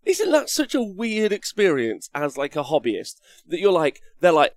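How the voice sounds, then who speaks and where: A man's voice: a little high, sing-song, moderate pace, no echo. An English man hosting a wargaming show, chatting casually and rambling, cracking jokes, swearing now and then, and reading viewer comments aloud. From England. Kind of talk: casual live-stream chat.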